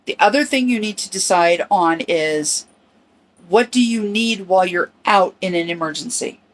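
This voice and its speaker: A middle-aged woman hosting a personal podcast, speaking earnestly and reflectively in short, halting phrases. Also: medium pitch. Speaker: podcast host.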